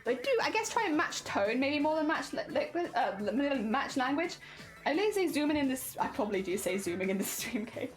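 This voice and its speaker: A woman with a standard British accent chats casually and rambles, laughing often and restarting her sentences. Her voice sits high and light. Soft music plays faintly behind her. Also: very animated, a little fast. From Hampshire, England. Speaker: streamer. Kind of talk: casual chat while embroidering on stream.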